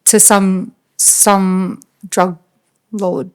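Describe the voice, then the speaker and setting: A woman with an Australian accent, a podcast guest, telling a personal story in a halting, flat way with lots of fillers. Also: medium pitch, clean tone. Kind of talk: casual storytelling.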